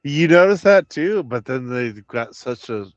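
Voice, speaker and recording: A man's voice: medium pitch, lively intonation, a little slow, dry recording. Laid-back man on a dry lo-fi line. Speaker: caller on the stream. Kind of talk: casual chat.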